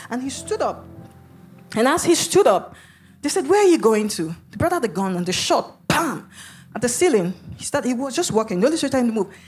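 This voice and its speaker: A woman's voice: fairly high pitch, very animated, quick pace, faint music behind. A woman preacher telling her testimony in a sermon, dramatic and vivid, with sudden emphatic bursts. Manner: speaks in tongues.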